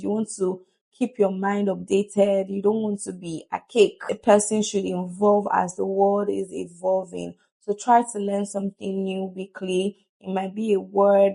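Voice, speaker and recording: Female vlogger, mid-pitched, a bit of fry, earnest motivational chat. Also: dark tone. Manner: chatty and earnest, laughs often. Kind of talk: casual motivational talk to camera.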